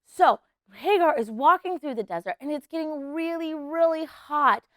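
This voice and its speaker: A woman teaching preschoolers at church, telling a Bible story in an animated way and getting the kids to act along. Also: high-pitched, moderate pace, no room sound, clean studio sound. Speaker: children's ministry teacher.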